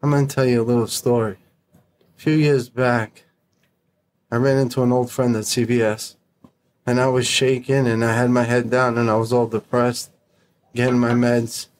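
A man's voice: medium pitch, normal speed, long pauses, a little hiss or hum. Blunt, profane man telling stories. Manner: blunt, profane, animated storyteller. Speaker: podcast guest. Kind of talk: casual storytelling.

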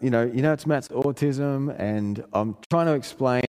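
A man preaching a sermon, telling a family story in an earnest way and rising in pitch when he presses a point. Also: moderate pace, a little mellow, clear, resonant tone. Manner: earnest storytelling, pitch climbing in emphatic passages. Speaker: pastor. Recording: long hall reverb.

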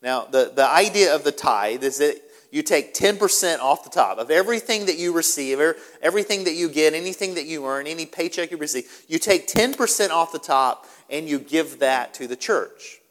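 A man's voice: on the high side, normal speed, hardly any pauses. Emphatic male pastor in a reverberant hall. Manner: animated, repetitive, emphatic. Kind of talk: sermon.

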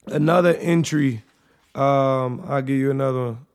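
A man's voice: medium pitch, level tone, measured pace, creaky. A young man in his twenties, a podcast host, casually and emotionally reading his own journal entries aloud in a slangy, reflective way.

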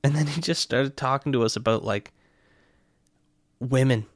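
A young man telling a night-out story in a profane, excitable way, constantly checking in with his listener. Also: mid-range voice, moderate pace, pauses often, no room sound, studio quality. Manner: profane, excitable, keeps asking "right?". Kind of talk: casual anecdote.

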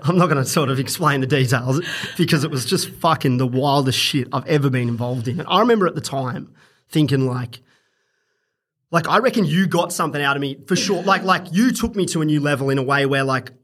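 A man's voice: a little high, brisk, fairly bright tone. A young man telling a story in casual podcast chat, rambling and profane, often laughing. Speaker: podcast guest.

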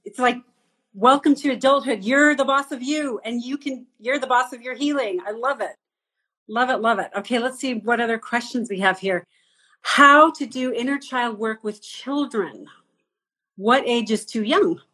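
Higher-voiced woman host, upbeat and affirming, keeps the chat moving. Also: moderate pace, breathy edge. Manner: warmly affirming, enthusiastic. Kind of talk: casual podcast conversation.

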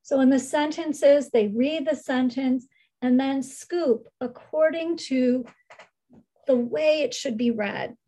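A middle-aged woman, a reading specialist, slowly explaining literacy lesson steps and reading sample sentences in careful phrases. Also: high-pitched, warm tone, poor audio. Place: screen-share recording.

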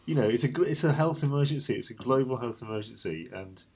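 Husky-voiced chatty middle-aged man. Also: medium pitch, lively intonation, fast. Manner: chatty, laughs often, trails off into quiet asides. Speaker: podcast co-host. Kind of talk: casual chat.

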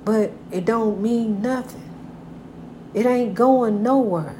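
High-voiced older woman preaching homespun advice. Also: takes it slowly, warm tone, a little hiss or hum. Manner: folksy and repetitive, calls the listener honey; preachy, God-centered encouragement. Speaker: grandmother giving life advice. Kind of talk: casual inspirational talk.

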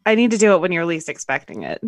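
A woman's voice: lowish voice, huge pitch swings, fast, gravelly, no echo. A woman co-hosting a podcast in casual chat, with giggly, playful banter. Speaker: podcast co-host.

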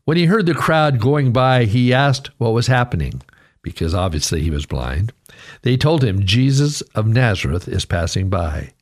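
A man preaching a radio sermon, earnest and conversational, his pitch rising sharply when he voices a quoted cry. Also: expressive, moderate pace. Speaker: radio pastor.

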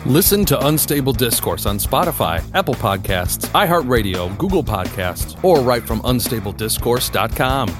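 A man reads a podcast promo in a playful, sing-song voice whose pitch swings widely. Guitar music plays clearly under his voice. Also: sing-song, moderate pace, hardly any pauses.

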